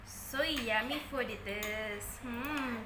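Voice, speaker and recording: A woman's voice: a little high, takes it slowly, heavy background noise. A woman from the Philippines, chatting casually to camera for her home mukbang vlog in simple, plain-spoken phrasing. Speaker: family vlogger. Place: noisy family home. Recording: echoey room at home. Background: cutlery and dish clatter.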